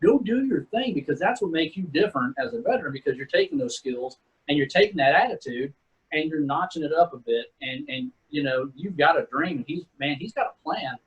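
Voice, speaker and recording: A man's voice: fairly high pitch, lively intonation, fairly quick, breathy edge, muffled recording. A middle-aged man, a retired Army sergeant, telling war stories in a laid-back, casual way and calling people "man" and "dude". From Texas. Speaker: retired Army sergeant first class, guest. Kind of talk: casual storytelling.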